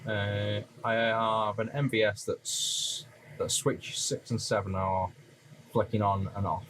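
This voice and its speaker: A man's voice: fairly low pitch, takes it slowly, slight background noise, rough recording. A man with a Stoke-on-Trent accent, chatting casually with his stream audience while he solders. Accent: Stoke-on-Trent (Potteries). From Stoke-on-Trent, England. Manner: relaxed and rambling, answering chat as he works. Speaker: streamer repairing retro consoles.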